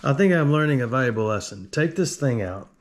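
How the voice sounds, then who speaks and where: A man's voice: medium pitch, lively intonation, a little fast, a little hiss or hum. A man with a drawl, working on a tool and talking to himself in a joking, rambling way. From Alabama. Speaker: video host. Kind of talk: casual workshop tinkering talk.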